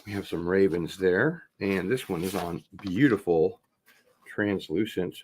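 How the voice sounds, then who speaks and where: A man hosting a casual unboxing video, chatting in a relaxed, rambling way and getting excited about vinyl records. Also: low voice, a little slow. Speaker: host.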